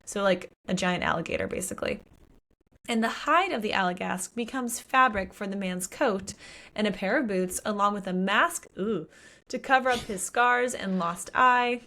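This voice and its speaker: A woman chatting casually as a podcast co-host. She retells a story with lively, animated quoting of the characters, dropping in exclamations and the odd curse. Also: medium pitch, moderate pace. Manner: animated retelling with voiced quotes and swearing. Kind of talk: casual book recap chat.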